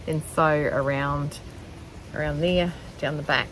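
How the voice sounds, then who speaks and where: A woman's voice: deep voice, fairly even intonation, a little slow, noisy background. Chatty woman sewing out on a deck. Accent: New Zealand. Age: middle-aged. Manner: rambling and self-mocking, with many ums. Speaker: sewing vlogger. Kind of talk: casual chatty vlog. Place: outdoor deck in the shade.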